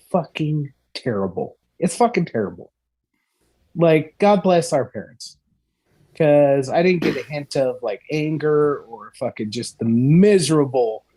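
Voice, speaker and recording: A man's voice: medium pitch, mellow, husky. A man co-hosting a podcast who rants with heavy swearing in an exasperated comedic style. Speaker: podcast co-host. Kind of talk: profane comedic rant.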